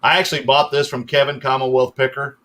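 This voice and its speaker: Bright-voiced older man chatting. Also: medium pitch, little pitch movement, fast talker. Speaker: guest reseller. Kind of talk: casual livestream chat.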